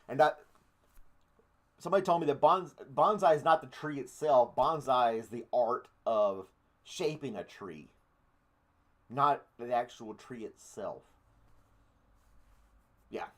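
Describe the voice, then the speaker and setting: A man hosting a casual live-stream podcast, rambling through offhand thoughts with jokey, crude asides. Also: mid-range voice. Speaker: podcast host.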